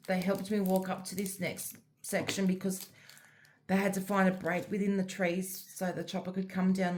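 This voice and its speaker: A woman's voice: mid-range voice, darkish tone, a little hiss or hum. A middle-aged Australian woman chatting casually as a crafting vlogger, rambling through a personal story with many fillers. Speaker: diamond art vlogger. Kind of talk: casual chat while crafting.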